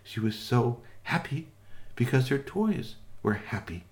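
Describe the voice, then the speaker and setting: A man narrating a children's tale in a sing-song way, often asking the listener questions. His voice rises and falls widely, sinking soft at gentle moments. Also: mid-range voice, unhurried. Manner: animated, sing-song, with many asides to listeners. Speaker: storyteller.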